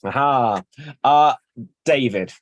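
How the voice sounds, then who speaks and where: Male improv host, unhurried delivery, dry sound, chuckles at puns. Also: medium pitch, no room sound, highs cut off. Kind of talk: casual improv hosting.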